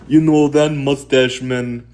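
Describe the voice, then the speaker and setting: A man voicing a disillusioned European who is turning fascist, speaking slowly and matter-of-factly. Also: mid-range voice, fairly even intonation, darkish tone, voice pushed up, natural voice. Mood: flat.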